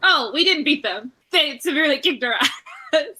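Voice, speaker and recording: Bright, animated woman player. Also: high-pitched, moderate pace. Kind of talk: casual tabletop game chat.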